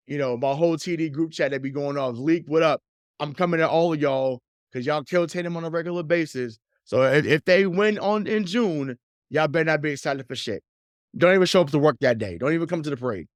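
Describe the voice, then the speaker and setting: A man's voice: on the high side, clear, resonant tone, no room sound. A man hosting a sports podcast, chatting in a loose, profane way, laughing often and repeating words as he gets going. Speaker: podcast host. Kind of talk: casual sports podcast chat.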